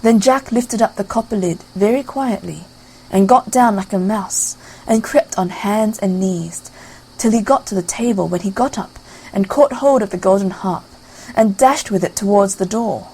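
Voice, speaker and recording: A woman reads a fairy tale aloud in a lively storybook manner. Her voice is breathy and husky, set at a middle pitch. She tells the tale steadily, with rhythmic repetition. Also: moderate pace, poor audio. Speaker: narrator. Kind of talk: storybook narration.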